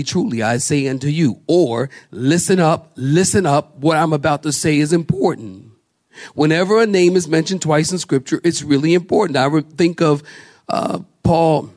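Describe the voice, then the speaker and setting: A man's voice: a little high, darkish tone. A man preaching a live church sermon, emphatic, lifting his voice on repeated words and asking the listeners questions. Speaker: pastor.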